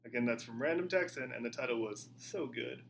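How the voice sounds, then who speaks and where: A man's voice: mid-range voice, a little fast, fairly bright tone, soft background music. A man hosting a casual podcast guessing game, reading reviews aloud in a playful way. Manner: playful, laughs while reading.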